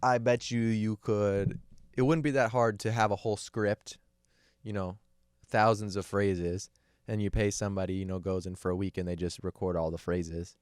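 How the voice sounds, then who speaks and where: Low, smooth-voiced crude podcast joker. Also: male voice, level tone, darkish tone, no echo, clean studio sound. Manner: crude, joking, drawn-out riffing. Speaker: podcast co-host. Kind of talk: casual chat.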